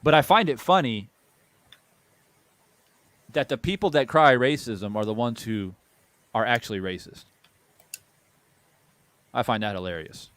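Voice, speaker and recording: A man's voice: medium pitch, a little slow, long pauses, a bit bright, dry recording. A man hosting a boxing channel, delivering a heated opinion monologue and repeating phrases for emphasis.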